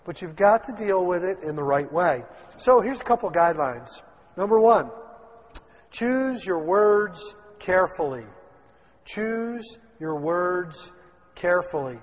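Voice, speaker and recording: A man's voice: high voice, slightly rough, long reverb tail, lo-fi sound. A man preaching a sermon in a conversational way, acting out quotes and asides.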